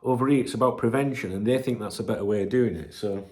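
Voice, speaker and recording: A man from the UK hosting a casual morning football vlog at home, chatty and swearing freely, with a chesty cold that has him clearing his throat. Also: lowish voice, fast, mellow. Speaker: football channel host. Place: indoors at home. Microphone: camera on tripod.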